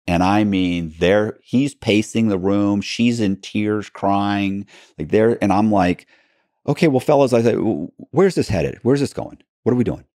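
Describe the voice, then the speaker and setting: A man telling a story as an interview guest, acting out quoted dialogue with halting restarts. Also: lowish voice, a little mellow, dry recording, clean studio sound.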